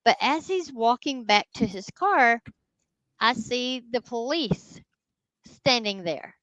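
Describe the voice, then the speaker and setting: A woman, a guest ghost hunter telling a story in casual, animated talk. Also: fairly high pitch, slow, no echo, dull audio. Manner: animated, addresses listeners as y'all.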